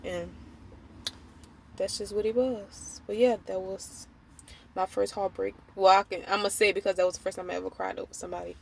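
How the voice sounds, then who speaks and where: A woman's voice: medium pitch, fairly even intonation, fairly quick, vocal fry, a little hiss or hum. A young woman, telling a storytime to camera in a casual, blunt way with free swearing. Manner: chatty, blunt, swears freely. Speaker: vlogger. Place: small room at home with a window.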